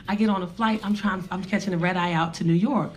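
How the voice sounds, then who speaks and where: A woman's voice: fairly low pitch, fairly even intonation, quick pace. A woman comedian telling a brash, profane story on stage, acting out every part. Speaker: stand-up comedian. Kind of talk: stand-up storytelling. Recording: live club with audience laughter. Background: audience laughing.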